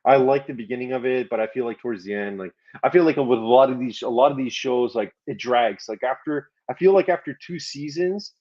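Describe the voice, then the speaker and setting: A man's voice: mid-range voice, a little fast, few pauses, muffled recording. A man co-hosting a casual sports podcast, rambling and swearing when he rants. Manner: rambling, swears while ranting. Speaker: podcast co-host.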